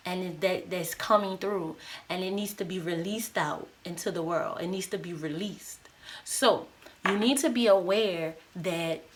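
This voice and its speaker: A young woman giving a casual intuitive tarot reading who rambles, repeats words and searches for her phrasing. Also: a bit bright. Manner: acts out an inner voice in a higher, livelier tone. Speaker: tarot reader.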